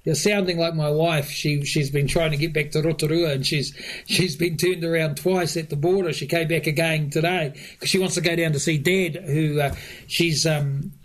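A man, a government minister answering interview questions, halting with many fillers and restarts and chuckling often. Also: on the high side, fairly even intonation. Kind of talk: radio interview guest.

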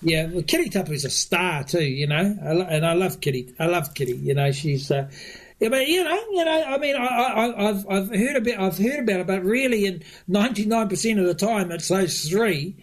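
A man, a government minister answering interview questions, halting with many fillers and restarts and chuckling often. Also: high-pitched, lively intonation. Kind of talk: radio interview guest.

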